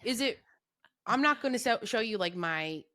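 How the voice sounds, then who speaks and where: A woman's voice: a little high, lively intonation, moderate pace, sharp tone, no room sound, clean studio sound. A woman in her thirties, a podcast guest, chatting candidly about raising her kids, swearing freely and laughing through her stories. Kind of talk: casual chat.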